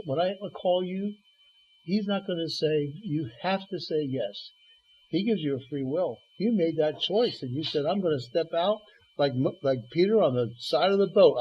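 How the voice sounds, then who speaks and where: A husky, fairly high-pitched male voice comes through a dull lo-fi radio broadcast. He's a guest preacher telling Bible stories, quoting the dialogue and stammering through restarts.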